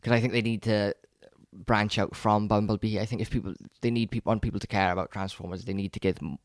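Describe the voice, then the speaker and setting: A man's voice: on the low side, steady tone, quick pace, no room sound, clean studio sound. A man co-hosting a podcast, chatting casually and enthusiastically about films, often restarting his sentences. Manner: rambling, enthusiastic, frequent restarts and stammers. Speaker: podcast co-host.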